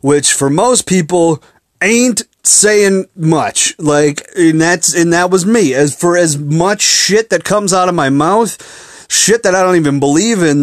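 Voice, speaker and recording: A man's voice: a little high, no room sound, studio quality. A young man from Minneapolis hosting a podcast, telling a story in a rambling, profane, self-mocking way. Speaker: podcast host. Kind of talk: casual storytelling monologue.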